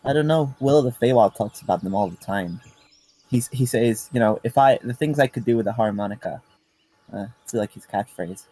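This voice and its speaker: Brief: husky-voiced goofy ranger, played by a man, flustered and comic. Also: mid-range voice, fairly quick, dark tone, lightly acted. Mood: rambling. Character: goofy, sulky young human ranger.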